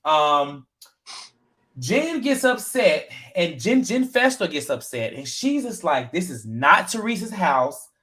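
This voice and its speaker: A man co-hosting a casual reality TV recap show, talking in a chatty, animated way with lots of fillers and retold quotes. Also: fairly high pitch, takes it slowly. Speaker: podcast co-host.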